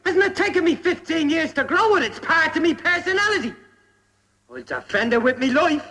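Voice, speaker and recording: An actor playing a stubborn, blustering Irish playwright on the run in a 1960s television drama, with an Irish accent and a stage-Irish manner. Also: male voice, extremely high pitch, sing-song, normal speed, sharp tone, full character voice. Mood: indignant. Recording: noisy old TV soundtrack.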